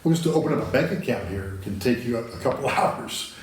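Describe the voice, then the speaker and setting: A man's voice: mid-range voice, expressive, fast talker, recorded from a distance, slight background noise. A man from the United States, a guest in a studio interview, telling stories casually with many restarts. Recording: very echoey, from the mic.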